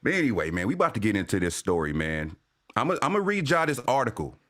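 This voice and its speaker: A man hosting a casual sports fan livestream, talking in loose, profane slang and shouting out viewers. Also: fairly low pitch, wildly swooping pitch, fast. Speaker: sports fan show host.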